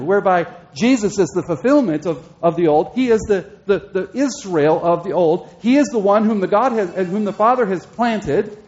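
A man preaching an expository sermon, slowing down and repeating key phrases for emphasis. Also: high-pitched, darkish tone. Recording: dull lo-fi sermon recording.

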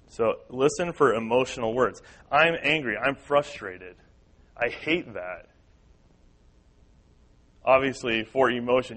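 A man's voice: mid-range voice, fairly bright tone, rough recording. A man teaching a church class on listening in personal ministry, earnest and repetitive, acting out the voices of people he quotes. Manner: earnest, repeats key points, acts out quoted voices.

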